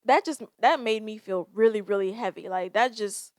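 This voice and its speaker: A woman's voice: medium pitch, moderate pace, darkish tone, dry recording, studio quality. A young woman hosting a solo podcast, talking candidly and emotionally with frequent sighs and swearing. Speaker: podcast host. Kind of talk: casual solo podcast talk.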